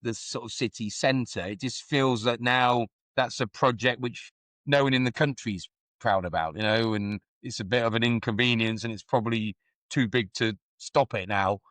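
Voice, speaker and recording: A man's voice: mid-range voice, moderate pace, a bit bright, no echo. A middle-aged man, a guest on a podcast, talking in a reflective way with many "you know"s and restarts. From England. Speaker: guest, former football club executive. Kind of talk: podcast conversation.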